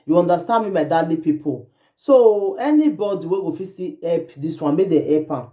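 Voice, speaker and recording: A woman's voice: lowish voice, animated, normal speed, mellow. A woman host with a Nigerian accent, giving emphatic commentary in Pidgin and English and repeating phrases as she laments. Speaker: online show host.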